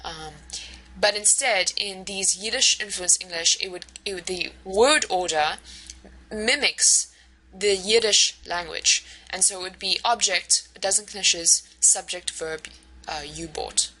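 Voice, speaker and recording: A woman's voice: medium pitch, measured pace, bright, forceful tone, poor audio. A woman giving a recorded university lecture over slides, explaining patiently with frequent "um" and "okay".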